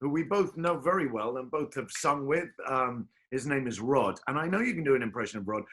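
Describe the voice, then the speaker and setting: Bright, lively-voiced male chat host. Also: mid-range voice, fairly quick. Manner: playful, teasing, prompting the guest. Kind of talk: casual chat interview. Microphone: video call.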